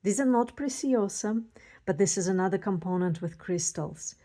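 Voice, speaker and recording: A woman showing a beading kit and demonstrating earrings, gushing excitedly with scattered thoughts. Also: mid-range voice, moderate pace. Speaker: beading designer and tutor. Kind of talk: casual unboxing and how-to demo.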